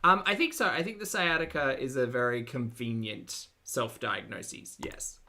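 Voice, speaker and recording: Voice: mid-range voice, moderate pace, sharp tone, a little hiss or hum. A host reacting to videos in casual commentary, with wry, sarcastic asides.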